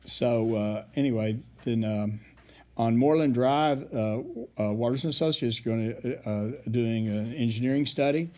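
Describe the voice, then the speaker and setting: Mellow-voiced man giving a council report. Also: medium pitch, normal speed. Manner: rambling, hesitant, many fillers. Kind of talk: public meeting report.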